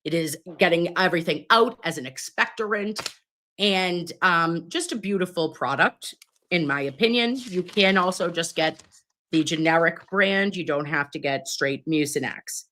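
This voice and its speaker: A middle-aged nurse hosting a live stream, chatting with viewers and reading their comments while she gets over pneumonia and keeps clearing her throat. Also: lowish voice, moderate pace, pushed and bright. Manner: chatty, calls viewers babes, reads comments aloud. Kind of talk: casual live stream chat.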